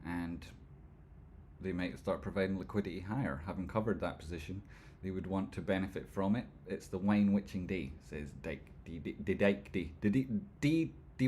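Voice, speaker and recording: Man, livestream host, casual chat, jokey and rambling, reads comments aloud, lowish voice. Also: a little mellow, a little hiss or hum. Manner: joking, rambling, quick jumps between banter and analysis.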